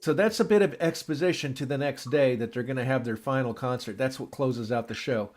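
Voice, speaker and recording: A man's voice: medium pitch, fairly quick, a little mellow. A man in casual chat, rambling through a script recap and acting out characters' lines.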